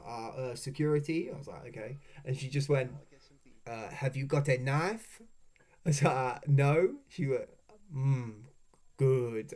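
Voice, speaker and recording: A man's voice: medium pitch, a little mellow. Chatty swearing man telling stories. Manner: swears freely, chatty, laughs at own stories. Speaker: vlogger. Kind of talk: casual storytelling voice-over.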